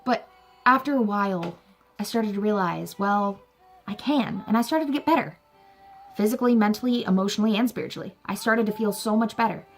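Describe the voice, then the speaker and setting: Young woman vlogger, earnest and encouraging, gravelly fry in her voice, soft music underneath. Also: mid-range voice, fairly quick. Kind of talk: heartfelt personal talk to camera.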